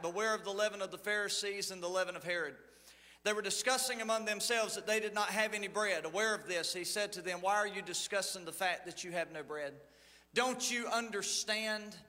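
A man's voice: sits high, pushed and bright, big-room sound. A man preaching a sermon as lead pastor, telling folksy stories and reading scripture with drama. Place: church sanctuary.

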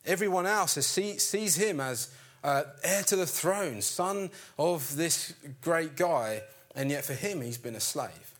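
A man preaching a sermon in an animated storytelling way, acting out the characters' lines. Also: a little high, a little slow.

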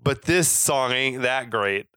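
A man's voice: mid-range voice, slow, sharp tone, smooth, no echo, studio quality. A man co-hosting a podcast, chatting about a movie in a laid-back, joking way and swearing freely. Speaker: podcast co-host. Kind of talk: casual movie chat.

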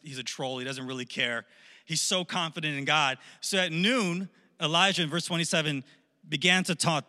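A man preaching a sermon, telling a story with jokes and animated asides. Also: a little high, big-room sound. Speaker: pastor.

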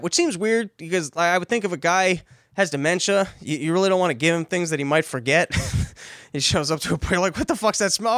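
A man's voice: fairly high pitch, fairly bright tone, smooth, no room sound, studio quality. A young man riffing in a rambling, profane comedic monologue, cutting himself off and circling back as he talks from a car. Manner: profane, digressive, self-interrupting. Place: in his grandfather's car.

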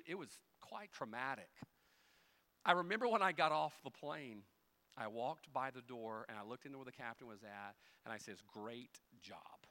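A male pastor preaching a sermon, moving from quiet folksy storytelling with humorous asides to loud, rising emphasis. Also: medium pitch.

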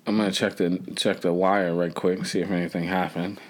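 A man with a lowish voice talks loosely on a podcast. He rambles, stops and restarts his sentences, and swears casually as he goes. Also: level tone, brisk. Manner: rambling, profane, lots of fillers and restarts. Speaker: podcast co-host. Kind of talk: casual chat.

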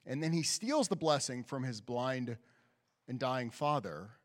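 A man's voice: medium pitch, animated, measured pace. A man, a rabbi, giving a sermon in a conversational storytelling style inside a synagogue sanctuary. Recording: long hall reverb.

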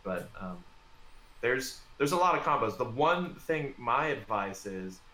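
A man's voice: mid-range voice, very animated, a little slow, pushed and bright, reverberant. A man co-hosting a casual chat about a tabletop miniatures game, giving firm advice in a loose, conversational way. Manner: conversational, gives firm advice with filler words. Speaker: podcast co-host.

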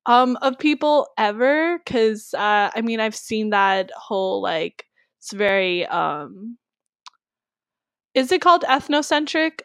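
A woman's voice: fairly high pitch, lively intonation, takes it slowly, a bit bright, clean tone, no echo. A young woman co-hosting a casual discussion, talking emphatically with lots of "like" fillers. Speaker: co-host.

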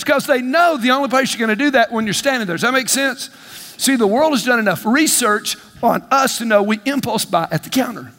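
A man preaching a sermon as pastor, lively and conversational, calling out questions to the congregation and acting out both sides of everyday conversations. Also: extremely high pitch, quick pace, in a large hall. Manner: animated preaching, call-and-response, acts out dialogue. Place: church sanctuary.

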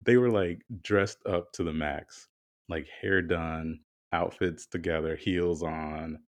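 A man's voice: deep voice, fairly even intonation, slow pace. A man co-hosting a podcast, telling a candid, chatty story in casual conversation with some swearing. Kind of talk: casual chat.

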